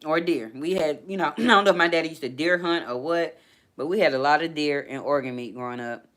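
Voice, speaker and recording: A woman hosting a casual live stream, chatting as she reads viewer comments and laughing often. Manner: chatty and animated, laughs often, quick pitch jumps. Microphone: laptop.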